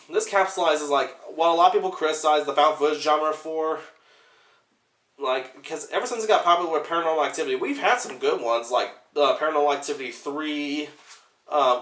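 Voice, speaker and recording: Young male reviewer, unscripted rambling commentary, a bit high-voiced, echoey room. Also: a bit bright. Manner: rambling, fills every pause with "like". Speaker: movie reviewer.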